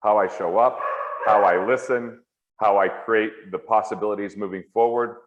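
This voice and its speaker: A man as an interview guest at home, talking earnestly and candidly in quick heartfelt bursts. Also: on the low side, steady tone. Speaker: guest, financial author and comedian. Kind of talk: earnest reflective conversation. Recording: roomy, slightly dull sound.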